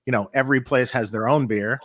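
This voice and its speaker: A man's voice: medium pitch, quick pace, fairly bright tone. A middle-aged man co-hosting a casual chat, rambling and restarting his sentences often. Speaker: co-host.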